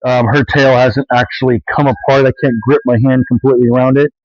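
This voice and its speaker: A homesteading vlogger walks and talks outdoors in a farm yard with animals, rambling loosely with plenty of fillers and restarts. His mid-range voice is level, darkish and fairly quick, and the audio is dull with slight background noise.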